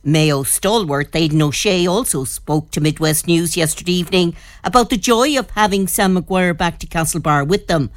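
A woman, a radio news reporter, narrating a news report in a measured, informative way. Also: lowish voice, no echo.

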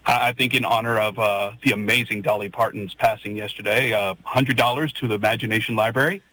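A man's voice: lowish voice, fairly even intonation, fairly quick, pushed and bright, rough recording. A man from Arkansas calling in to sports radio, speaking hesitantly and restarting his sentences as he proposes a bet. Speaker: caller.

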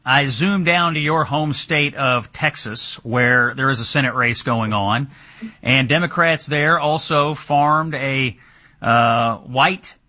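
A man hosting a political talk show, asking pointed questions in an animated way. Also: mid-range voice, takes it slowly. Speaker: host.

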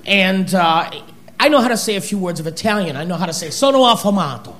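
A man doing a stand-up comedy routine, telling an animated story to a live audience. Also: high voice, fast talker.

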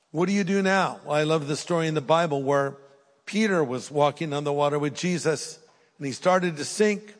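Older male pastor preaching in a reverberant hall. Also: fairly high pitch. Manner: earnest, dynamic swings from loud urging to hushed prayer. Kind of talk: sermon with closing prayer. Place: large church auditorium with live audience.

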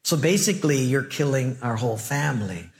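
A man voicing a devoted grown daughter pleading for her father in a sermon story, earnest and gentle. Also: medium pitch, lively intonation, a little fast, creaky.

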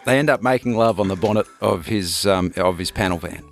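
A man's voice: low voice, fairly quick, vocal fry. A man with an Australian accent hosting a morning radio show, chatting casually and telling jokes. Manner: laughs easily while telling a long joke. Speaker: radio breakfast host.

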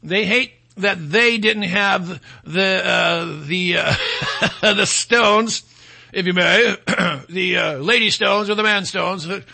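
A radio talk show host with a high, gravelly, bright voice speaks at a slow pace in a forceful tone. He delivers a combative opinion monologue, mocking his opponents and mimicking them in quoted voices.

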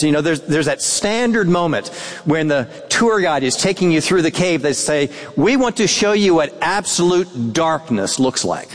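A man preaching a sermon in an earnest way, dropping to soft, hushed tones when he quotes. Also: on the high side, in a large hall. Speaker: pastor.

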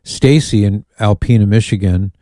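Male radio host, low pitch, mellow tone, dry studio sound, chatty and amused. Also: moderate pace, no echo. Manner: chatty, amused, reads listener emails aloud. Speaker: radio talk show host. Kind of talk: casual call-in radio talk.

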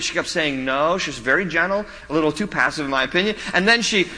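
A male pastor delivers a sermon in a high, bright voice. He mixes teaching with animated personal anecdotes and self-deprecating jokes. The sound carries the long reverb of a large hall. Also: quick pace, hardly any pauses.

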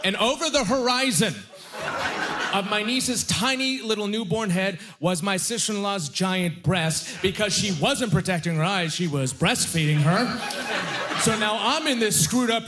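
A man's voice: high voice, normal speed. A young adult man doing a stand-up comedy set, self-deprecating and given to emphatic repetitions. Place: comedy club stage, live audience.

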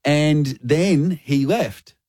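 A man, a radio host telling a story in lively, self-mocking chat and acting out the quotes. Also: fairly high pitch, extremely slow, a little hiss or hum.

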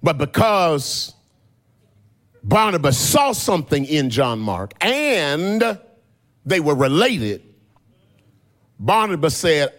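A man preaching a sermon who swings from plain speech into a sung, shouted preaching cadence. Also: fairly high pitch, big pitch swings, slow pace, long pauses. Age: older.

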